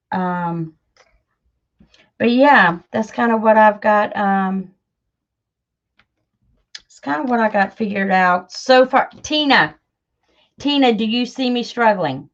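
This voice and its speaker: Slow-talking chatty woman. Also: medium pitch, muffled recording. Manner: chatty, self-deprecating, many fillers. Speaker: crafting channel host. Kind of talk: casual livestream chat while crafting.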